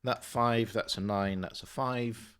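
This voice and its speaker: A man on his own channel works through a sudoku slowly and methodically, muttering his thoughts and fixing errors as they come up. His medium-pitched voice is clear and resonant, a bit bright, with fairly even intonation.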